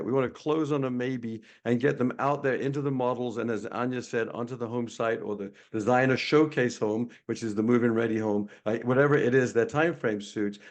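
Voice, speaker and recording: A man hosting a sales webinar over a video call, telling stories in a loose, chatty way and often restarting his words. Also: medium pitch. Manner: storytelling, repeats words when restarting. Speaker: webinar host, sales trainer. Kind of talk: casual webinar talk.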